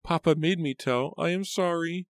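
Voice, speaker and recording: A man voicing an excitable, frightened young girl in an audiobook, with a shrill, eager voice. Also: a little fast, dry recording, clean studio sound.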